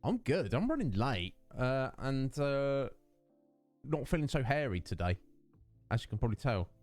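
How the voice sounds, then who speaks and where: A young man chats casually with his viewers, drifting between thoughts and filling pauses. His pitch swings widely from low mutters to high bursts. Faint music plays in the background. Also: very animated, darkish tone, dry recording. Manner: rambling, many fillers, self-mocking. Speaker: livestream host.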